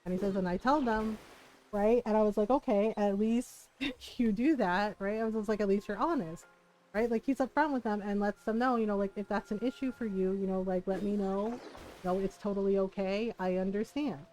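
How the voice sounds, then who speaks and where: A woman's voice: mid-range voice, moderate pace, a little mellow, rough recording. A middle-aged woman streaming a game, telling family stories in a chatty way, laughing often and swearing freely. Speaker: live streamer. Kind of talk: casual chat while gaming.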